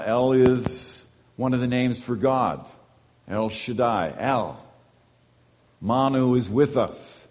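A man preaching a sermon, moving between quiet, low asides and loud, emphatic lines. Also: expressive, normal speed. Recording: long hall reverb.

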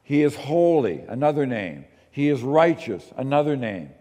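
A man preaching a sermon as pastor, moving between quiet asides and emphatic, slowed readings of scripture. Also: medium pitch, big pitch swings, in a large hall.

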